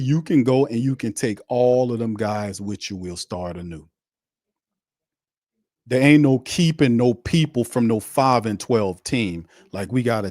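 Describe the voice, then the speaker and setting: This sports show host has a medium-pitched, somewhat mellow voice, captured at studio quality without any echo. On a live watch stream he rants bluntly and hotly, repeating himself and throwing in mocking jabs at the opposing side.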